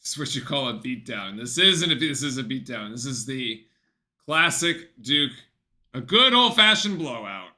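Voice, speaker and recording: Bright-voiced man calling a game live. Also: medium pitch, moderate pace. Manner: chatty, excitable, breaks off to talk softly to his dog. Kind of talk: casual live play-by-play commentary.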